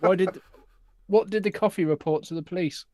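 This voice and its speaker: A Northern English man with a slightly high voice. He joins in the casual chat, makes fun of himself and reads out corny jokes with a sheepish air. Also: brisk, mellow, no room sound, clean studio sound. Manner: self-deprecating, reading corny jokes. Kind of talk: casual banter.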